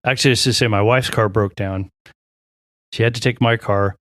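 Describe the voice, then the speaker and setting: A man, a pilot and podcast guest, telling a long story in a casual, animated way, acting out the voices of others and often restarting his sentences. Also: on the low side, moderate pace, dry recording, clean studio sound. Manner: animated, acts out quoted voices, frequent restarts.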